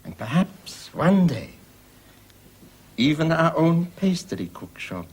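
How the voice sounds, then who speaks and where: A middle-aged German immigrant father with a husky edge, speaking earnestly. His pitch moves widely as he talks. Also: big pitch swings, slow pace, exaggerated voice. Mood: hopeful.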